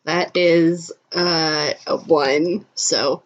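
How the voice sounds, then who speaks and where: A woman narrating a tabletop role-playing game as game master, speaking in a relaxed way and laughing often. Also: deep voice, drawn-out words, highs cut off.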